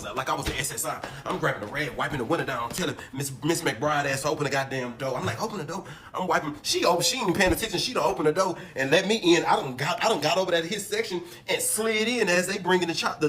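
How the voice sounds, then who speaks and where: Animated profane man telling a story. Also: high voice. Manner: animated, profane, acts out quotes. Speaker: storyteller in a clip. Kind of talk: casual storytelling.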